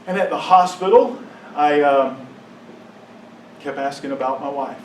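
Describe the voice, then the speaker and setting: In an emotional testimony before a congregation, a high-voiced man swells into impassioned outbursts, then turns hushed and halting at the painful parts. The mic sits at a distance in an echoey room, with a little hiss or hum.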